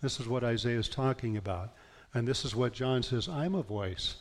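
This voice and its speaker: A man's voice: medium pitch, steady tone, a little fast, a little hiss or hum. Man preaching in a reverberant hall. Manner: earnest, emphatic preaching with scripture reading. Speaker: pastor. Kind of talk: sermon.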